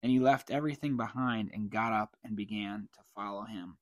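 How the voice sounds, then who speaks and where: A man teaching from the Bible, reading passages aloud and then explaining them in a relaxed, conversational way, often clearing his throat. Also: on the low side, a little fast, no echo. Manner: reads scripture then comments conversationally, frequent throat clearing. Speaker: preacher.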